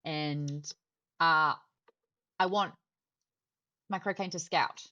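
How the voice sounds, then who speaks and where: A woman playing a tabletop role-playing game, playful and theatrical, quick to laugh while she talks. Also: deep voice, sharp tone, muffled recording. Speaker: player. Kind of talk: tabletop role-play, partly in character.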